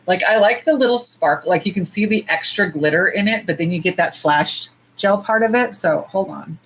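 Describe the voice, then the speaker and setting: A woman's voice: lowish voice, normal speed, a bit bright, a little hiss or hum, poor audio. A woman from the US, chatting casually and animatedly on a nail-swatching livestream, cursing freely and saying y'all. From United States.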